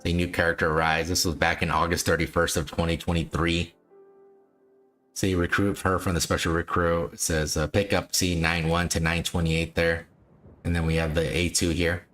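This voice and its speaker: A man's voice: sits low, level tone, moderate pace, a bit bright, faint music behind. A man hosting a livestream, chatting casually and repetitively with frequent chuckles. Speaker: livestream host.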